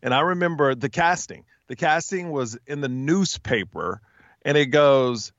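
A man telling stories in a casual podcast interview, with a smooth radio-announcer voice. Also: mid-range voice, unhurried, fairly bright tone, no echo, muffled recording. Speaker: podcast guest, TV host and stand-up comic.

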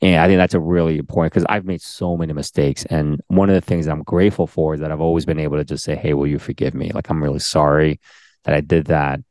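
Male co-host, deep low voice, easygoing and earnest, quick to laugh. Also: no room sound, clean studio sound. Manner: relaxed, laughs easily, gives earnest advice. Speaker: podcast co-host. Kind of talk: casual chat.

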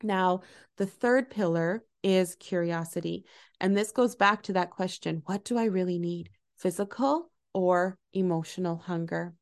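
Middle-aged woman, warm-hearted coach voice, gentle and animated solo podcast talk. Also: on the low side, a little slow. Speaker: podcast host and eating coach.

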